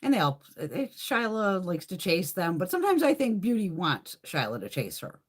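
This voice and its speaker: A middle-aged beauty vlogger hosts a live chat in a fairly low, husky voice, very animated and at a moderate pace. She tells stories casually, swears a lot, and laughs often.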